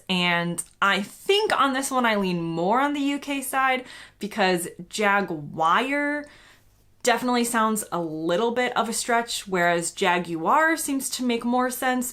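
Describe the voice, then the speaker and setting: A woman's voice: medium pitch, a bit bright. Chatty American woman explaining to camera. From United States. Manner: chatty, self-deprecating, explains with examples. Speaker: YouTuber.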